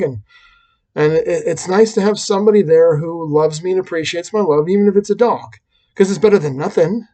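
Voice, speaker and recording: A man's voice: fairly high pitch, dark tone. A man talking through a reflective personal vlog, rambling and self-deprecating, with frequent restarts. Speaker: vlogger and teacher.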